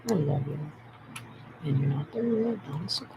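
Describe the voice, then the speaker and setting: A very gravelly, creaky voice that leaps up and down in pitch as the speaker rambles through a monologue while typing. The talk swings between hushed whispers and loud, emphatic outbursts, and the same points come back again and again. A clear noisy hiss sits behind the voice. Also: expressive, moderate pace. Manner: repetitive, emphatic.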